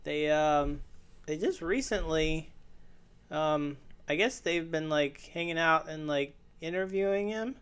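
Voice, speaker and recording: A man co-hosts a relaxed podcast chat and answers in short, easygoing remarks. His voice sits fairly high and sounds smooth and clear. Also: unhurried. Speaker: podcast co-host. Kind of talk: casual chat.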